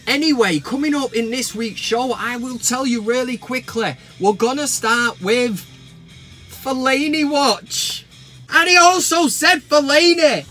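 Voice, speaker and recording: A man's voice: extremely high pitch, bright, forceful tone. A man hosting his own football vlog, ranting casually to camera in a blunt, sarcastic and sweary way.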